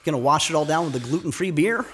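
A man's voice: fairly high pitch, animated, fast talker, fairly bright tone, a little hiss or hum. A man co-hosting a casual podcast, chatting and reading out event listings. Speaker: podcast co-host. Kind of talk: casual chat with announcements.

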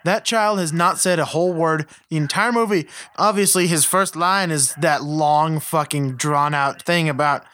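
A man's voice: on the high side, moderate pace, few pauses, bright, forceful tone. A man co-hosting a podcast, chatting bluntly and profanely as he dismisses a movie. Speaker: podcast co-host. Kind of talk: casual movie chat.

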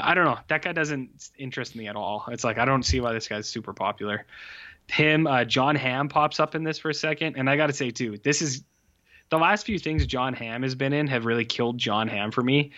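A man's voice: mid-range voice, bright, forceful tone, dull audio. A man in a casual movie review chat, rambling and swearing, with lots of filler words. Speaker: podcast co-host.

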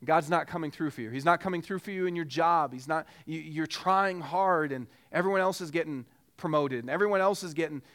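A man's voice: fairly high pitch, fairly quick, hardly any pauses, a bit bright. A man preaching a sermon as pastor, earnest and pressing with repeated rhetorical questions.

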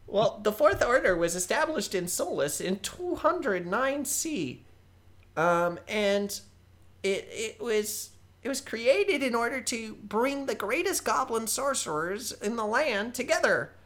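An eager squeaky young goblin. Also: male voice, slow pace, exaggerated voice. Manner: excited, rambling, nervous.

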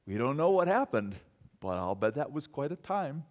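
A man preaching a sermon, telling a story with dramatic swings between loud bursts and hushed moments. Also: mid-range voice, big pitch swings, moderate pace. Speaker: pastor.

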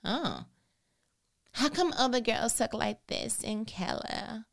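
This is a woman delivering a casual vlog monologue in a lively, expressive voice. She talks in a colloquial, conversational way. Now and then she drops into quiet, whispered asides. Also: fairly high pitch, takes it slowly, vocal fry. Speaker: vlogger.

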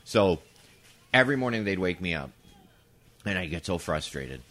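Podcast co-host, man, low voice with lots of swing, rambling crude storyteller. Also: moderate pace. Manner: animated, breaks into loud shouted impressions and laughs; swears freely. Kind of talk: casual storytelling.

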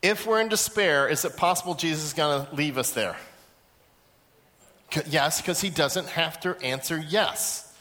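A man's voice: fairly high pitch, moderate pace. A male pastor preaching a sermon in a large auditorium, telling stories and acting out the voices in them. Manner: lively storytelling, acts out quoted voices. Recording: echoey hall.

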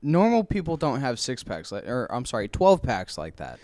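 A man's voice: mid-range voice, huge pitch swings, normal speed, darkish tone, dry recording. A man co-hosting a casual chat, teasing and laughing often.

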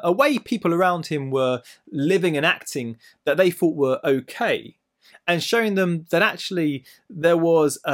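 A middle-aged man preaching a sermon, explaining a Bible passage with playful everyday stories and asides. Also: on the high side. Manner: lively storytelling with playful asides.

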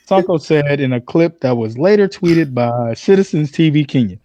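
A man's voice: on the high side, lively intonation, moderate pace, hardly any pauses, warm tone, dry recording, highs cut off. Playful mock-serious male podcast host. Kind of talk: casual podcast chat.

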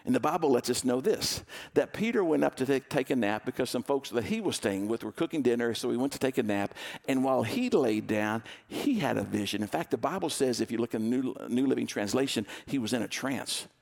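A male pastor delivers a storytelling sermon with a gravelly, fry-tinged voice. He tells the story with a lot of animation and slips into the voices of its characters to act them out. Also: medium pitch, animated, fairly quick, a little mellow.

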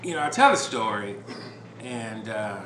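A man hosting a podcast, telling a story in a relaxed, rambling way with lots of fillers and restarts. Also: on the low side, a little slow. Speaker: podcast host. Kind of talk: casual storytelling chat. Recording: roomy with background noise.

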